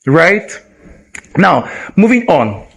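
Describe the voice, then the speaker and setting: Lively man teaching a live workshop. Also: a little high, extremely slow, vocal fry, slightly rough. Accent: Nigerian English. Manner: energetic, asks the audience rhetorical questions. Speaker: communication trainer. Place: event hall with a live audience.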